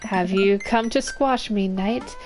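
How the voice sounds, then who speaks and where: A woman voicing a playful adult dad who hams up mock-villain lines, over soft game music. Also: medium pitch, slow pace, natural voice. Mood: mock menacing.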